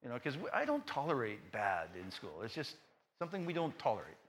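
A middle-aged male pastor preaching a sermon through personal stories, with joking asides and swings between loud and soft delivery. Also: mid-range voice, huge pitch swings, fairly quick.

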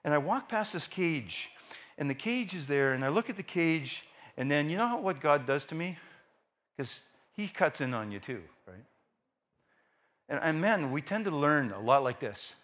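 This sermon comes from a middle-aged man with a fairly high voice moving at normal speed. He tells it as a story, casual and full of fillers, lively as he imitates how his family members talk.

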